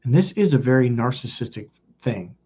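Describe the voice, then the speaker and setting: A man's voice: medium pitch, expressive, dark tone, slightly rough, muffled recording. A man hosting a self-help video, telling personal stories in a blunt, profane, casual way. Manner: blunt and profane, quick asides. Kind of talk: casual confessional storytelling.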